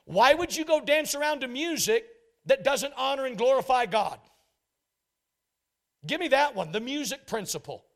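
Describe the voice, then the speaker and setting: A man with a high-pitched voice delivers a sermon to his congregation. He is emphatic, repeats his key phrases for effect and slips into mock voices to act out examples. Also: expressive, moderate pace, long pauses. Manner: emphatic preaching, repeats phrases, mimics couples in quotes. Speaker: pastor.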